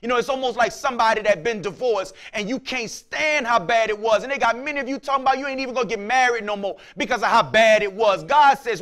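A man preaching a sermon as pastor, casual in speech, acting out his listeners' voices and swinging from quiet talk to shouts. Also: extremely high pitch, animated, brisk.

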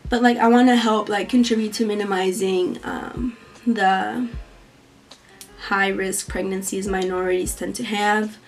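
A woman's voice: mid-range voice, fairly even intonation, measured pace. A young woman, a college student, chatting casually in a Q&A vlog, talking a lot, filling her speech with "like", giggling and acting out the voices of people she quotes. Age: young adult. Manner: talkative, fills every phrase with "like". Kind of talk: casual Q&A chat.

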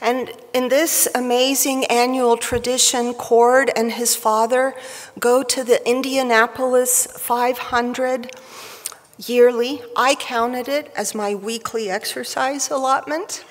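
A woman giving a prepared tribute speech at a professional society event, with a wry, measured delivery, at a podium microphone in a large hall. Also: a little high, fairly even intonation. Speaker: speaker at a surgical society event. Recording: reverberant hall.

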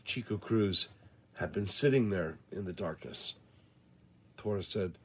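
A male audiobook reader telling a first-person western story. He reads in a measured, deliberate way, slow and unhurried, his voice on the low side. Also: expressive, a bit bright.

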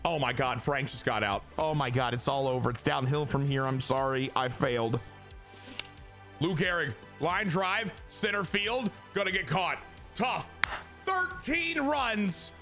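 A young man with a high, bright voice gives live commentary on his own baseball video game. He leaps from loud hyped yelling to low muttered complaints, and his pitch swings all over the place. Music plays faintly under his voice. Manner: excitable, swings from hyped shouting to muttered grumbling. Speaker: gaming YouTuber.

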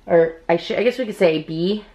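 A young woman vlogging at home, chatting to her viewers as she opens mystery boxes and bursting into excited squeals. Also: fairly low pitch, fairly quick, highs cut off, slight background noise. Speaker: unboxing vlogger. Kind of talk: casual unboxing commentary. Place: at home indoors with others asleep.

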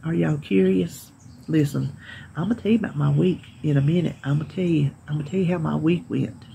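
A middle-aged weight-loss vlogger from the Southern United States chats to her phone camera on her home porch outdoors, telling stories and laughing often. Her Southern-accented voice is low, dark and creaky, a little fast, with slight background noise.

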